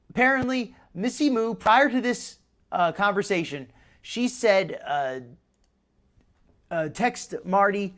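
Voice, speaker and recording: A man's voice: high-pitched, big pitch swings, moderate pace, fairly bright tone. A man hosting a live stream, commenting casually in a rambling way with many restarts. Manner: rambling, restarts a lot, chuckles. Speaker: host.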